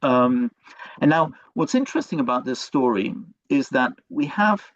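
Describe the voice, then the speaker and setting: A man's voice: mid-range voice, expressive, moderate pace, no room sound. A male professor giving an online lecture, hesitant, with many fillers and restarts. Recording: dull, dry lo-fi recording.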